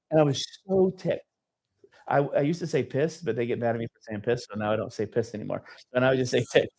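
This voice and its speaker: Mellow-voiced man at a seminar. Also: fairly high pitch, lively intonation, fast, poor audio. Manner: conversational storytelling, frequent "okay?" check-ins. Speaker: seminar speaker and business coach. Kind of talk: live sales seminar talk. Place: stage at a live event.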